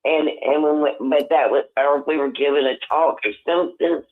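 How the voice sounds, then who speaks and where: An older man calling in on the phone, talking in a rambling, halting way with many restarts. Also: fairly high pitch, steady tone. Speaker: caller. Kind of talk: casual phone chat. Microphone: telephone. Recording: tinny phone line.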